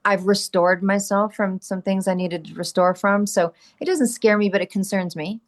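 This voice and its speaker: Middle-aged woman, podcast guest, energetic and emphatic, candid chat, mid-range voice. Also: mid-range voice, normal speed. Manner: energetic, emphatic, rhetorical questions and answers. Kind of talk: candid conversational interview.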